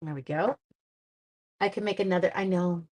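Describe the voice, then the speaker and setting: Hosting a card-making live stream, this Canadian woman speaks at a normal pace in a lowish, slightly mellow voice. Her talk is loose and casual: she says hello to viewers by name and muses out loud while she works.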